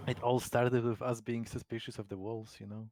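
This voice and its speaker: A man's voice: mid-range voice, level tone, moderate pace, darkish tone. A man teasing his fellow players on a voice call, giggling between remarks. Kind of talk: casual chat. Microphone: online voice call.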